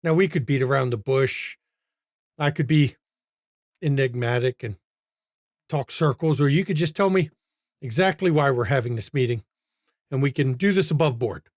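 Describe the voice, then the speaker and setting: A man voicing a short, pudgy, balding demon with a heavy German accent, speaking tersely and quietly in cryptic phrases. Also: medium pitch, normal speed, pauses often, dry recording, studio quality, voice pushed down, natural voice. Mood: cool.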